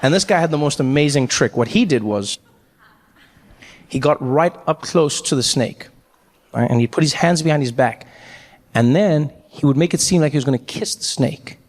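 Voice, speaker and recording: A male stand-up comedian telling a story with lots of energy, slipping into each character as he goes. His voice is high. The long reverb of a large performance hall trails behind him. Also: moderate pace. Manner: animated, acts out every character.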